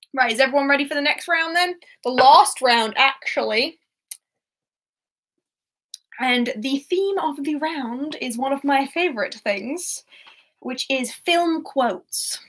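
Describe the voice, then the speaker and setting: A young woman hosts a casual online quiz, chatting and giggling between questions. Her voice sits high and sounds bright and clear. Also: lively intonation, slow pace, long pauses. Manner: chatty, giggly, reads scores aloud. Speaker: quiz host.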